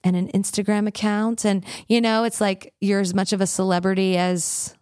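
A woman worship leader in a casual interview, telling stories with lively acted-out quotes and many "like"s. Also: mid-range voice, moderate pace, clear, resonant tone, no echo, clean studio sound. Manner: animated storyteller, acts out quotes, frequent "like".

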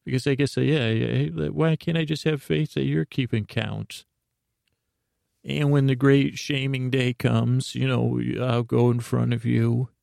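A man's voice: mid-range voice, fairly even intonation, a little slow, creaky, a little mellow, no room sound, clean studio sound. A man hosting a podcast, rambling through a self-deprecating improvised comic monologue full of restarts. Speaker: podcast host.

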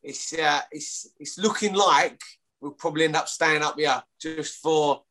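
Unhurried and steady, his fairly bright, higher-pitched voice carries a London accent. He's a thirties-aged rugby player chatting casually as a guest, wandering through his points with stumbling restarts and some swearing.

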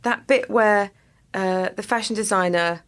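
A woman's voice: medium pitch, measured pace, faint music behind. A woman chatting casually on a podcast, telling stories with frequent laughter. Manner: laughs often, animated storytelling. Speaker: podcast co-host. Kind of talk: casual chat.

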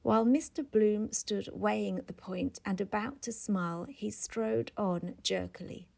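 A woman reading a literary novel aloud in a slow, measured way. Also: medium pitch, gravelly, darkish tone. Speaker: audiobook reader. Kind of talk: literary audiobook narration.

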